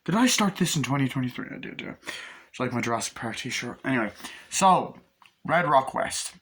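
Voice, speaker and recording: A man's voice: medium pitch, lively intonation, moderate pace, a bit bright, breathy edge. A man giving a casual, rambling movie review, talking loosely, restarting often and swearing freely.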